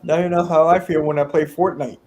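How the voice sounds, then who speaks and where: A man co-hosting a sports podcast, chatting in a relaxed, casual way. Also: on the high side, a little fast, a crowd in the background.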